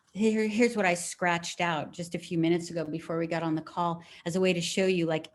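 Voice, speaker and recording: This middle-aged writing teacher speaks with a fairly low pitch as she guides a live video-call writing lesson, relaxed and supportive, slowly reading poems aloud.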